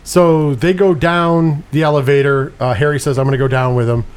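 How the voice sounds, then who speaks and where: Podcast co-host, man, slightly high voice, animated storyteller who curses freely. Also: a little fast, clean tone. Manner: animated retelling with swearing and quoted lines. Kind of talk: casual movie review chat.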